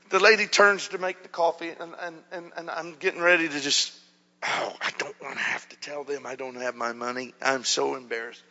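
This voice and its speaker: A male pastor telling stories in a sermon, dropping to a hush and then rising loud and animated. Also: fairly high pitch, normal speed. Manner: animated storytelling, swings from hushed to loud. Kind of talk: storytelling sermon. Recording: muffled hall reverb.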